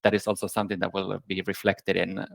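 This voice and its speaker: Brief: male panel guest, low gravelly voice, measured pace with hesitations, dry room. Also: monotone, no echo. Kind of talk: conversational panel talk.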